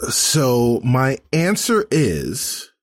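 Deliberate slow-talking man. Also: mid-range voice, huge pitch swings. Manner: deliberate, hedging. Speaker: panelist. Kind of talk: casual game chat.

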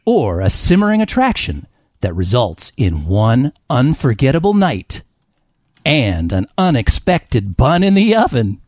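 A man's voice: mid-range voice, huge pitch swings, a little slow, a little mellow, dry recording. Playful male game-show host, dry sound. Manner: playful, laughing, dramatic read-aloud delivery. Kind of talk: hosting a comedy panel game, reading book blurbs aloud.

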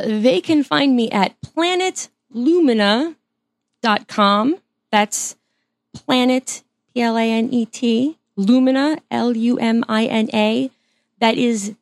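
Woman podcast guest, chatty and giggly, slightly high voice. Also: dry recording. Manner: chatty, laughs often, restarts sentences. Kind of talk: casual interview chat.

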